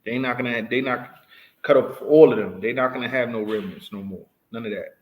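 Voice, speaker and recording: A man's voice: mid-range voice, a little fast, dull audio. A man leading a casual scripture study, stopping the reader to explain verses with emphatic, repeated "right?" prompts. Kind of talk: casual Bible study teaching.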